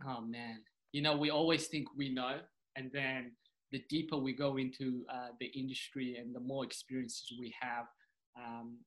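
A young man from Sudan, a stand-up comedian, telling stories in a casual, animated way and acting out the voices of people he quotes. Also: medium pitch, poor audio. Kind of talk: casual storytelling chat.

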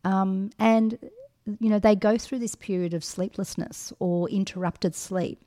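A woman's voice: mid-range voice, fairly even intonation, a little slow, mellow. A middle-aged woman co-hosting a podcast, giving frank advice in a casual chat with many ums and restarts. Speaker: podcast co-host.

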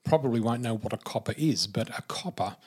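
An Australian man in his fifties telling vivid personal stories of his childhood as a podcast guest, in an unhurried way. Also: medium pitch, lively intonation, darkish tone, husky. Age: 50s. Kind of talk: personal storytelling.

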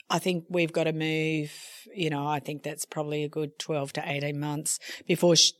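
A woman co-host talking slowly and unhurriedly on a podcast, laughing easily as she chats. The sound is dry and close. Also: on the low side, no room sound. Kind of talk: casual co-host chat.

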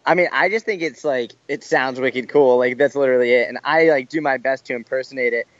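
A man's voice: mid-range voice, fairly quick, no echo, dull audio. A man, a fitness coach guest, talking casually and energetically. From Boston, USA. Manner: energetic, casual, says "like" a lot. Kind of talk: casual interview chat.

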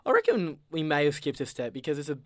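A man's voice: a little high, sing-song, fast talker, a bit bright, no room sound, studio quality. A young adult man with an Australian accent, co-hosting a podcast in casual rambling banter. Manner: laid-back, rambling and joking. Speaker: podcast co-host.

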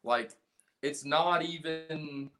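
Speaking extremely slowly in a high-ish, pushed, bright voice, a punk band's singer and guitarist from South Carolina spins a rambling, profane story as a podcast guest, restarting often. Faint music plays behind him.

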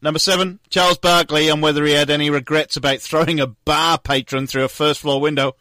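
A man's voice: on the high side, level tone, fairly quick, hardly any pauses, bright, forceful tone, no room sound. A man co-hosting a casual sports podcast, reading out quotes and laughing often. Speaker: co-host.

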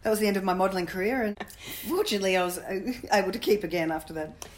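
A middle-aged woman, a former cricketer, telling jokey stories in a casual interview. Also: mid-range voice. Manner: quick, jokey anecdotal storytelling. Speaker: guest, former cricketer and coach.

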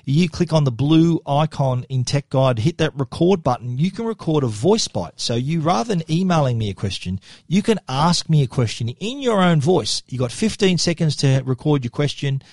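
A man's voice: fairly high pitch, animated, moderate pace, few pauses, a little mellow, no echo, studio quality. A man with an Australian accent hosting a tech podcast in an upbeat, chatty way, with frequent fillers and restarts. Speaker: podcast host. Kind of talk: casual podcast talk.

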